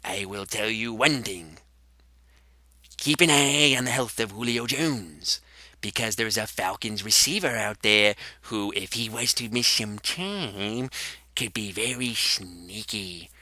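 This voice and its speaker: A man voicing a sly male ghost who gives teasing advice in a hushed, half-whispered voice. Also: on the low side, slow pace, no echo, exaggerated voice.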